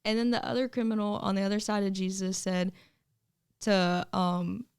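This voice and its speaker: Young woman with a gravelly, smooth voice. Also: mid-range voice, level tone, moderate pace. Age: young adult. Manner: chatty, retells story with many "like"s. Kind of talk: casual podcast discussion.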